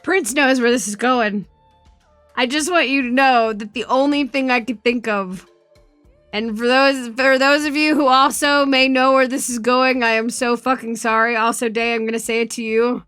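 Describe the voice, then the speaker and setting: A woman streamer chatting casually, telling a story in an animated, swearing way and laughing often. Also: on the high side, normal speed, clear, resonant tone, dry recording, soft background music. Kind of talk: casual chat.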